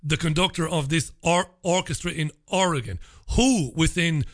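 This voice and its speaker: A man's voice: fairly high pitch, moderate pace, a bit bright, no room sound, clean studio sound. A man giving an angry, indignant opinion monologue. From Ireland. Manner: indignant, ranting.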